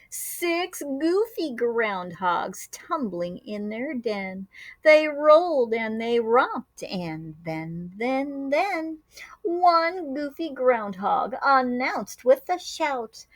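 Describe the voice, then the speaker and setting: A woman teacher reads a picture book aloud to young children in a slow, unhurried way. Her voice sits a little high and leaps up and down with lively animation, and she breaks off for short asides and playful sound effects. The sound is close and dry. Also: dry recording.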